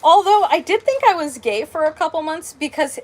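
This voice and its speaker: High-voiced chatty woman telling a story. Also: moderate pace, a little hiss or hum. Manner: rambling, heavy on "like" and "um", with animated quoted dialogue. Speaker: crafting channel host. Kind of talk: casual storytime chat.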